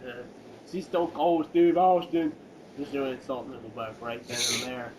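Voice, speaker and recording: A man's voice: mid-range voice, normal speed, a little mellow, rough recording. A young man joining a podcast as a guest, dropping laid-back, slangy remarks in casual chat. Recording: noticeable background noise.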